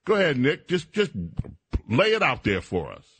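A man's voice: fairly high pitch, huge pitch swings, moderate pace, fairly bright tone, slightly rough. A man hosting a radio talk show, delivering an indignant, emphatic monologue with stammered restarts.

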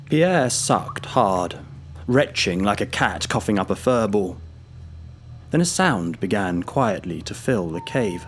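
Low, measured male narrator. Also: expressive, a little hiss or hum. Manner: measured, grave, vivid. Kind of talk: scripted story narration.

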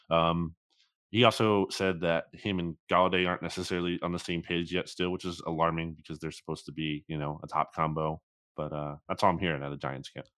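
Low-voiced man musing about football. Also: fairly bright tone, dry recording, studio quality. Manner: hesitant, many fillers and restarts, thinks aloud. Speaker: podcast co-host. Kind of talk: casual sports chat.

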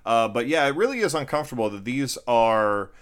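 A man's voice: medium pitch, big pitch swings, fairly quick, clean tone. A man from Florida co-hosting a casual film review podcast, dry and sarcastic in his remarks.

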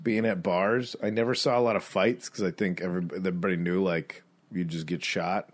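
A man co-hosting a podcast in casual chat, telling a rambling bar story and mimicking people in high squeaky voices. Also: fairly even intonation, brisk. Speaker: podcast co-host.

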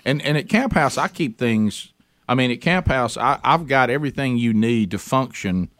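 A man's voice: mid-range voice, animated, moderate pace, fairly bright tone, no echo. A man hosting a radio show, telling a rambling story in casual studio chat with lots of stammered restarts. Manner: rambling storyteller with many restarts and mock shrieks. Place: broadcast studio.

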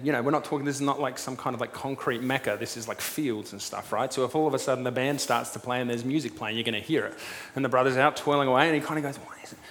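A man preaching a sermon, retelling a story in a lively way and acting out what its figures say. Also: mid-range voice. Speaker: pastor. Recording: long reverb with faint room noise.

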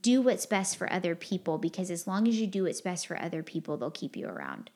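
A woman's voice: on the low side, sing-song, brisk, warm tone. Earnest, rambling woman podcast host. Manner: earnest, rambling, heartfelt, with frequent fillers. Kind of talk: candid confessional podcast chat.

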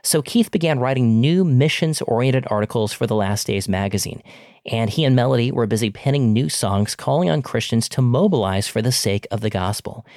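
A man hosting a podcast, reading a scripted narration in a measured storytelling way. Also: mid-range voice, darkish tone, dry recording, clean studio sound.

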